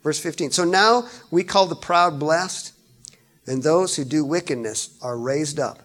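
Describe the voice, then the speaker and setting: Man, pastor preaching, slightly high voice, repeats words, builds to loud emphasis. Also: a little slow. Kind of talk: sermon.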